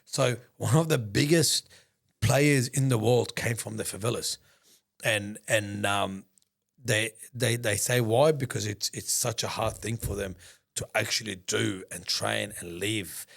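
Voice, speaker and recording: Man, podcast guest, low gravelly voice, swears a lot, excitable rambling storytelling. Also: a little slow. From Australia. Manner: profane, excitable, many restarts. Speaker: podcast guest, business founder. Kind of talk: casual storytelling.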